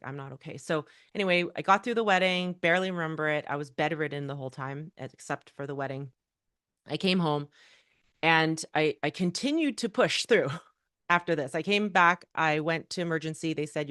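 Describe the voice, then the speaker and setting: Candid low-voiced woman telling her story. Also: a bit bright, no room sound, clean studio sound. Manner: candid, conversational, with frequent fillers and rhetorical questions. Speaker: workshop speaker. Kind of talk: personal storytelling talk to an audience.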